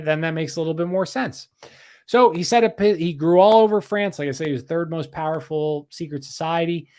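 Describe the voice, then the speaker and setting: A man hosting a casual livestream history podcast, rambling, repeating himself and reading out viewer comments. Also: on the high side. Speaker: podcast host.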